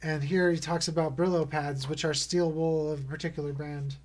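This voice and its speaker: A man's voice: on the high side, level tone, brisk. A man streaming from home, reading poems aloud in a playful way and chuckling between them with casual asides.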